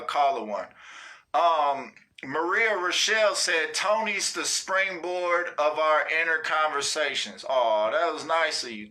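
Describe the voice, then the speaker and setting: A man hosting a casual livestream, reading viewer comments aloud in an unhurried, slangy way. His voice sits a bit high and has a very bright, sharp edge. He swears freely and keeps breaking into laughter. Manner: laid-back, slangy and profane, cracking up often.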